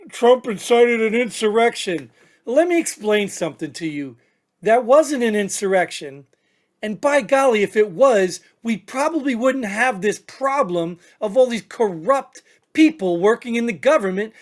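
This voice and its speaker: A veteran podcast co-host on an angry tear, blunt and insulting toward listeners. The voice keeps hammering points with rhetorical questions and repetition, in an opinionated political rant. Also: medium pitch.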